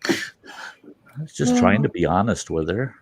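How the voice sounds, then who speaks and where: A man hosting a live stream, telling stories in casual chat, animated and swearing freely, laughing as he goes. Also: fairly low pitch, slow, creaky, husky, no echo.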